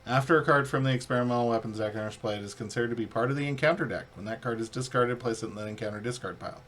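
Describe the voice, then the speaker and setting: A man's voice: medium pitch, very fast, a bit bright. A man co-hosting a board game playthrough, reading the rules aloud in a casual, joking way. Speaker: co-host and rules reader.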